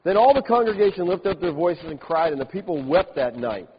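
A man with a fairly high voice preaches a sermon, reading scripture and then animatedly mocking the complainers he describes. The recording is dull and lo-fi, with a long hall reverb and a faint hiss behind him. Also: fairly quick. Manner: animated, mocking the complainers with laughs and exaggerated quotes. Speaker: pastor.

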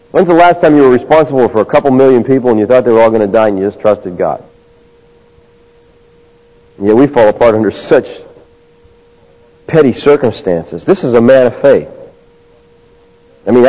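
A man preaching a sermon, conversational, moving between quiet asides and raised, emphatic bursts. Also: mid-range voice. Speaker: pastor. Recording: dull lo-fi sound.

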